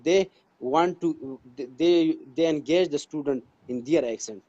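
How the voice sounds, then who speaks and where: A man from Pakistan speaks earnestly as an interview guest, circling back on phrases as he explains. His voice is mellow and sits a little high, and the audio comes through dull and lo-fi. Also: unhurried. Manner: earnest, repeats phrases like "you can say". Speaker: guest, English teacher. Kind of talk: interview conversation.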